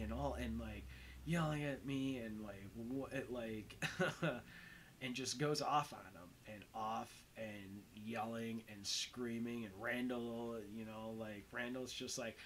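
Young male host, casual film commentary, slow and loose, mid-range voice, lots of verbal filler, faint ambience behind him. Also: mid-range voice, steady tone, a bit bright, a little hiss or hum, low-quality recording. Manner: rambling, heavy on fillers like "um" and "like".

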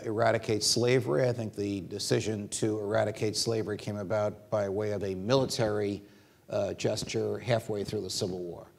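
A man speaking as a guest in an interview, measured with frequent pauses, telling anecdotes. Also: fairly low pitch, vocal fry, a little hiss or hum. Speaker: guest legal commentator. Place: stage at a university event.

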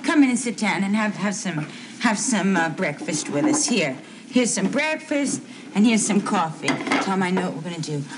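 An earnest, bewildered housewife, played by an actress in a 1970s TV soap, halting and stammering over her words. Her voice sits mid-range with a faint hiss in the old audio. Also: medium pitch, animated, natural voice. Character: confused, earnest small-town housewife.

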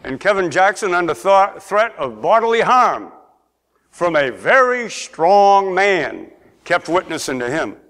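Middle-aged male pastor, high-pitched, sermon delivery that asks for amens and swells to emphatic peaks. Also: big pitch swings, unhurried, a bit bright. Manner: preaching, calls for amens, rises to emphatic peaks. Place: church sanctuary.

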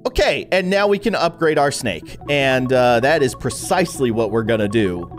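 A man's voice: medium pitch, animated, normal speed, faint music behind. A young man giving casual, playful commentary on a mobile game, with a sarcastic, joking manner. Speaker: gaming video host.

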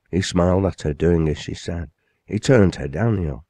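A man reading his own novel aloud as an audiobook, lifting his voice for the characters' excited speech. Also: moderate pace, no echo. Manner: lifts pitch and volume for the excited father.

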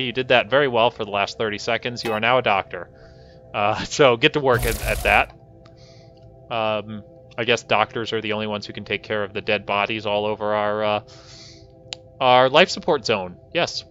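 A man's voice: fairly low pitch, fairly even intonation, moderate pace, bright, forceful tone, lo-fi sound, faint music behind. A man streaming a colony-building game, commenting live and scolding his characters in exasperated outbursts. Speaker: gaming host.

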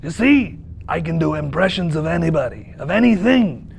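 An actor playing a crude, brash, teasing spaceship pilot in a comedy sketch. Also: male voice, on the high side, lively intonation, moderate pace, creaky, a little hiss or hum.

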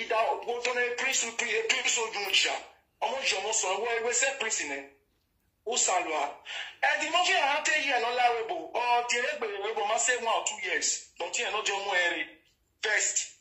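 A man's voice: very high-pitched, bright, forceful tone, roomy sound, rough recording. A man with a Nigerian Pidgin English accent telling a rambling story in casual gossip style and acting out the quoted lines of the people in it. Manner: rambling, acts out quoted dialogue.

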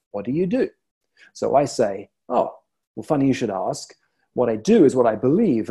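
A male coach speaks in a soft, mellow tone with a slightly husky edge. He tells stories slowly and reflectively, leaving deliberate pauses between thoughts. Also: medium pitch. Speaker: leadership coach. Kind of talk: motivational talk to camera.

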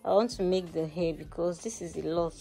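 A woman's voice: lowish voice, steady tone, a little fast, creaky, mellow, faint music behind, poor audio. A young mother chatting in a casual home vlog, switching between cooing baby talk and asides to her viewers. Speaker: vlogger and mother.

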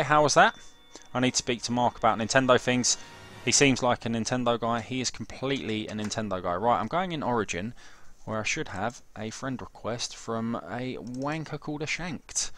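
A man's voice: medium pitch, fairly bright tone. Young man, game streamer, sweary banter, casual chat. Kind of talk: casual gameplay commentary.

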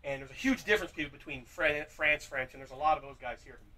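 A man's voice: mid-range voice, quick pace, pushed and bright, distant mic, a little hiss or hum, poor audio. A man swapping profane, joking stories in a casual chat. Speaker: beer vlogger.

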